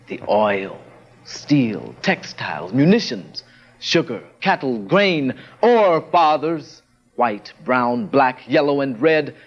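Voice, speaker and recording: Slow, dramatic male poetry reciter. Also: fairly high pitch. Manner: dramatic, swelling and dropping delivery. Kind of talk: spoken word poetry recitation. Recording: dull lo-fi vintage recording.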